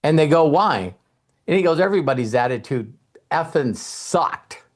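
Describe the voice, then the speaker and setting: Middle-aged male motivational host, lively storyteller, slightly high voice, plays the quoted voices himself. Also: normal speed. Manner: storytelling, acts out quoted voices, casual swearing. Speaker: host and mentor. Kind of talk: motivational talk.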